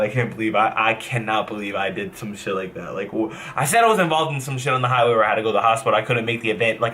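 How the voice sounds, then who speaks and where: A young man from New Jersey tells a story in a casual vlog, speaking at a mid pitch. He rambles and swears freely, restarting his sentences as he goes, over a faint background hum. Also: fairly bright tone. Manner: rambling, profane, many restarts. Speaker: gamer vlogger.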